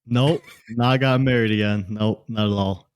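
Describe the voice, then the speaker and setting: A young man chatting on a podcast in a halting, easygoing way, full of pauses and fillers. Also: lowish voice, fairly even intonation, clean tone, no echo, clean studio sound. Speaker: podcast co-host. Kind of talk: casual podcast chat.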